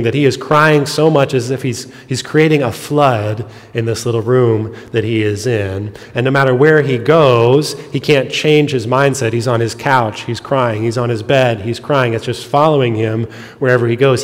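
A man preaching a sermon, explaining scripture in an earnest way, his voice dropping soft and quiet on heavy moments. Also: mid-range voice, normal speed. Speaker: pastor. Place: church sanctuary. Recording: long reverb of a church hall.

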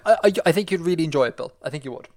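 A man's voice: fairly high pitch, very fast. Man, podcast co-host, chatty and digressive, loose filler-heavy delivery. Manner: rambling, animated, lots of fillers and restarts. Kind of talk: casual chat.

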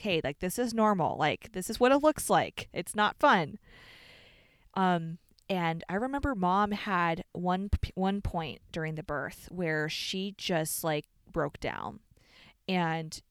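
Young woman on a podcast, smooth voice, dead dry sound, keeps saying like, swears a lot. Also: on the low side, dry recording. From Chicago suburbs. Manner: animated, swears freely, many "like" fillers. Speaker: podcast co-host. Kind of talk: casual storytelling chat.

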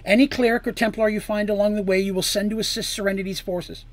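Male reader doing stern priestess queen, commanding, a bit higher than his own voice. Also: a little fast, slightly rough, dry recording. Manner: forceful, commanding.

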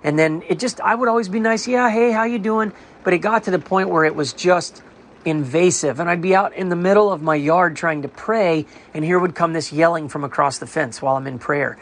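A man's voice: on the high side, a little fast. A man who runs an online ministry, sharing a personal testimony in an earnest, storytelling way and often acting out other people's voices.

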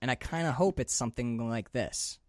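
Male podcast co-host, lively and profane, dry close-miked sound. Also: medium pitch, brisk, dry recording. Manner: animated, swears freely, acts out characters' lines. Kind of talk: casual movie discussion.

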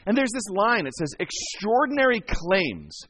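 Male pastor preaching in a church, high voice, swings up and down a lot, chatty and animated. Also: normal speed, slight background noise. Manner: animated, conversational, acts out quotes. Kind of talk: sermon.

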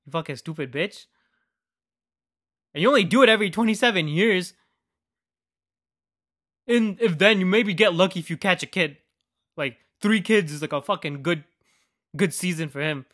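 A young man rants about a movie on his podcast, loose and mocking, with swearing in nearly every sentence. His voice sits a little high for a man, and he jumps between loud outbursts and low muttering. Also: normal speed, pauses often. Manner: animated, swears constantly, mocking. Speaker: podcast host. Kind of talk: casual profane movie rant.

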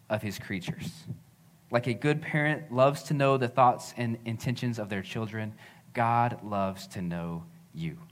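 A man in his thirties preaching a sermon as pastor, earnest and conversational, often repeating phrases. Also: medium pitch.

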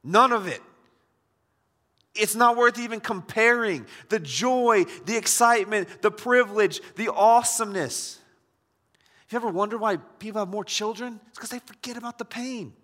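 Bright-voiced preacher in a reverberant hall. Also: male voice, high voice, normal speed. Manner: conversational preaching with swings from loud to hushed. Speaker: pastor. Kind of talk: sermon.

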